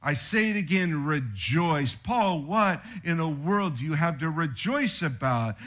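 A middle-aged male pastor preaching a sermon, moving between loud exhortation and quiet, joking asides. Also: fairly high pitch.

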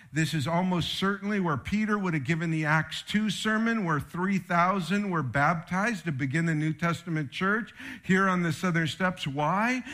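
A man preaching a sermon with slides, telling stories in an animated, conversational way. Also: on the high side. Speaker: pastor.

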